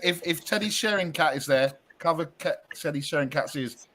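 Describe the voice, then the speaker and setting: A man joins the banter on a casual stream with wry, sweary jokes. His voice sits a little on the high side and his delivery stays offhand. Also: moderate pace, fairly bright tone. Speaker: panelist.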